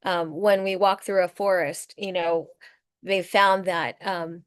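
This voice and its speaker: Woman on a call, lowish voice, dry close sound, explaining stuff earnestly. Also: fairly even intonation, slow, clean tone, dry recording. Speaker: circle participant. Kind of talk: casual group video call sharing.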